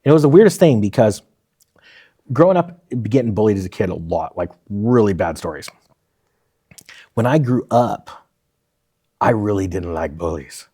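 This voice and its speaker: A man's voice: lowish voice, moderate pace, long pauses, husky. A man in his forties, a former firefighter, telling stories in a casual interview and acting out the dialogue. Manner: animated storyteller, acts out quoted dialogue.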